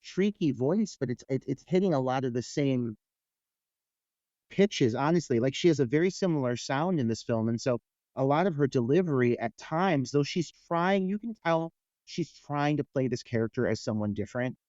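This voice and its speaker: A man's voice: medium pitch, animated, moderate pace, darkish tone, no room sound, lo-fi sound. A man co-hosting a horror film podcast, talking casually and hedging with lots of fillers. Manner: hedging, filler-heavy, with mimicked quotes. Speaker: podcast co-host.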